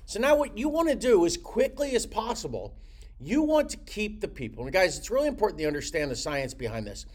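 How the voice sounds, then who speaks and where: Teaching real estate agents how to handle prospecting calls, this middle-aged man talks fairly quickly, his somewhat high voice rising and falling in lively swoops. He's animated and drives his points home by acting out phone calls in different voices.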